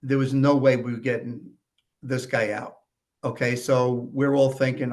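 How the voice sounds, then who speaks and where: New york guy on a podcast, mid pitch, matter-of-fact, lots of "you know"s, casual storytelling. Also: level tone, moderate pace, a little mellow. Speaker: podcast guest, former death investigator.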